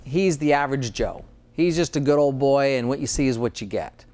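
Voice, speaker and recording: A man's voice: medium pitch, fairly quick, a little mellow. A man speaking as a dentist guest in an interview, earnest and enthusiastic, often restarting his sentences. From Utah, USA. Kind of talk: interview conversation.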